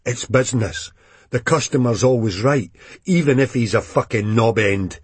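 A man's voice: mid-range voice, moderate pace, breathy edge, dry recording, natural voice. A man voicing a blunt, dismissive male restaurant boss who swears casually. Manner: curt, swearing.

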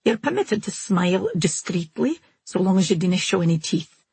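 A woman's voice: on the low side, expressive, normal speed, gravelly, a little mellow, husky, dry recording, full character voice. A woman doing a teasing young man. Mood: mock-serious. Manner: mock-pompous, dry teasing. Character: wry young man, teasing and self-mocking.

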